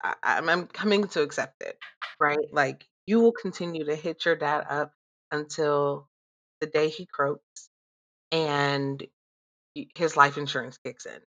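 A woman in her thirties chatting casually, animated and swearing freely as she vents and laughs. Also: deep voice, a little slow, muffled recording. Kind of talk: casual profane chat.

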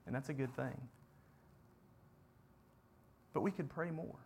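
A man preaching a sermon, building to impassioned repeated questions and sinking to quiet, earnest prayer. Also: mid-range voice, slow, creaky, husky. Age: adult parent.

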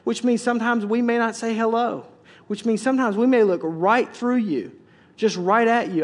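A man's voice: very high voice, fairly even intonation, moderate pace, in a large hall. A man, a pastor, preaching a conversational, joking sermon, full of restarts and acted-out quotes.

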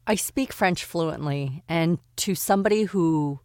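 A woman's voice: fairly low pitch, measured pace, a little mellow, dry recording, studio quality. A woman from Canada, a voice actor guest, chatting casually and laughing easily as she explains things. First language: English. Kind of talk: casual interview chat.

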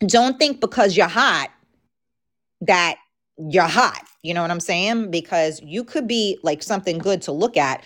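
A woman's voice: lowish voice, lively intonation, measured pace, a bit bright. A woman hosting a podcast, talking frankly and casually straight to her listeners, her voice a little worn. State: losing her voice. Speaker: podcast host. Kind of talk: casual chat.

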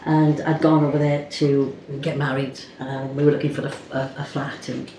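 A woman's voice: rumbling low, level tone, normal speed, mellow. An older woman with a Cardiff accent, chatting in a group and telling a story with laughs along the way. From Wales. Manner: chatty storyteller, laughs through her tales. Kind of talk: casual group reminiscing. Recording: echoey room with background noise.

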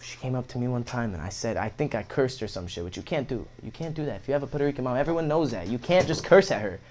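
A man's voice: mid-range voice, expressive, fast, a little mellow, a little hiss or hum. A young man in his twenties telling stories in a casual chat, rambling, slangy and full of profanity. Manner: rambling, slangy, heavy profanity, fillers of "bro" and "like".

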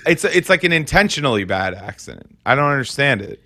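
A man co-hosts a relaxed film chat, rambling with many fillers. His voice is bright and forceful, and the recording is dry and close. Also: brisk, no room sound. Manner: rambling, heavy on fillers, jumps up in pitch for mock impressions. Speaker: podcast co-host. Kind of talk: casual chat about a film.

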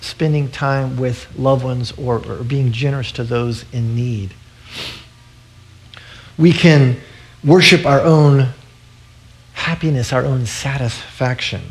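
A man's voice: medium pitch, a little mellow. A male pastor preaching a sermon to his church in an earnest way, often restarting and repeating words.

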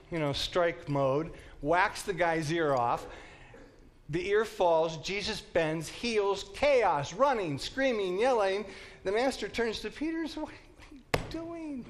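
A man with a fairly high voice leads a Bible class in a classroom. He teaches in an animated, joking way and acts out the story as he goes. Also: slight background noise.

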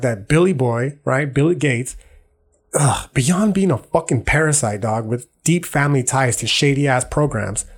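A young man talks into his podcast mic, blunt and profane, with plenty of street slang. His voice sits in a middle range and has a husky edge. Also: medium pitch. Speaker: podcast host. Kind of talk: casual monologue.

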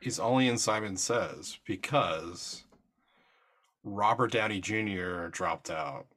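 A man co-hosting a casual movie podcast, tossing in quick puns and one-liners. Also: lowish voice, a bit bright. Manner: quick punning quips. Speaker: podcast co-host. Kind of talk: casual movie-watching banter.

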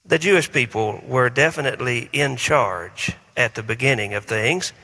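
Bright-voiced pastor preaching. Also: male voice, medium pitch, moderate pace. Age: 40s. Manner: conversational, self-deprecating humor, rhetorical questions. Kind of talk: sermon. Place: church sanctuary. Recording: long reverb in a large hall.

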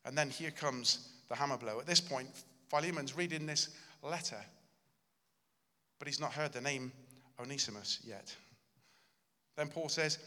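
Male pastor preaching, sharp bright voice, earnest and emphatic, echoing hall. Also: medium pitch. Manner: earnest, emphatic preaching that acts out quoted lines. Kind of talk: sermon.

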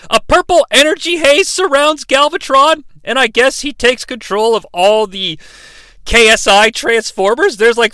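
Brief: a high, bright-toned man, sarcastic and rambling, with a dry, close sound. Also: dry recording. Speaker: host. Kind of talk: comedic movie review.

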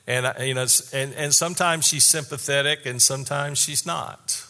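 Pastor guy preaching, earnest and candid, bright forceful voice, long reverb in a big sanctuary. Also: medium pitch, steady tone. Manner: earnest, candid, repeats key statements slowly. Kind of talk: sermon.

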